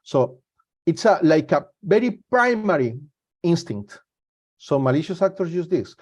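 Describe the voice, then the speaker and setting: Higher-voiced man presenting a security webinar. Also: big pitch swings, highs cut off. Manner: halting, repeats and restarts words. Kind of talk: live webinar talk.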